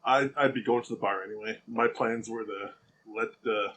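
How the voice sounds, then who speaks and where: A man's voice: lowish voice, steady tone, moderate pace, crowd noise, low-quality recording. A man playing a tabletop game, speaking in a laid-back, hesitant way. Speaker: player. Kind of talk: casual chat.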